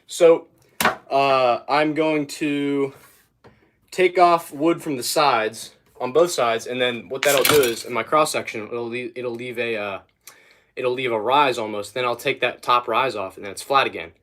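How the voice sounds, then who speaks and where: A young adult man chats casually on a livestream while he works, rambling and easily sidetracked as he talks to viewers. His voice is medium-pitched, a bit bright and a little slow.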